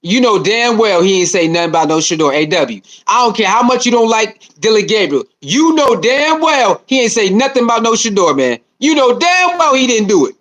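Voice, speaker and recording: High-voiced animated livestream host. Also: male voice, a little fast, hardly any pauses. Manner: animated, repetitive, slangy banter with viewers. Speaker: livestream host reading chat. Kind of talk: casual livestream chat.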